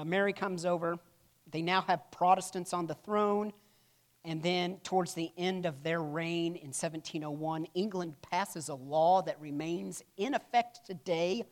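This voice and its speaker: A church history teacher talks a class through the material in a loose, conversational way. The delivery keeps pausing for "right?" and "okay?" check-ins and wanders into light, joking asides. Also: medium pitch. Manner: humorous asides. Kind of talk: classroom lecture.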